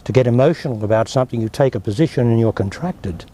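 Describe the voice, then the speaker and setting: Australian guy teaching, blunt and emphatic, warm low-key tone. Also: quick pace. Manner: emphatic, blunt, dismissive of objections. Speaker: spiritual teacher. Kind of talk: interview answers, teaching.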